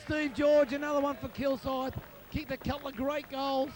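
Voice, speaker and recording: A hoarse Australian man commentating excitedly outdoors at a football ground, calling out players' nicknames for a home video. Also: extremely high pitch, normal speed, over a noisy crowd. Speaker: club supporter narrating home video.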